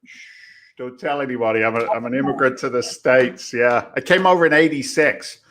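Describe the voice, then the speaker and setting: Bright-voiced man telling stories. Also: mid-range voice, normal speed, a little hiss or hum. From England. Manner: storytelling, animated and jokey. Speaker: real estate investor guest. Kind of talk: casual podcast interview.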